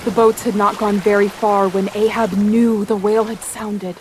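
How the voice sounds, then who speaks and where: A woman narrating a theatrical audio drama, telling it dramatically and slowing down for suspense. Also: medium pitch, flat delivery, a little hiss or hum, low-quality recording. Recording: music bed under the voice.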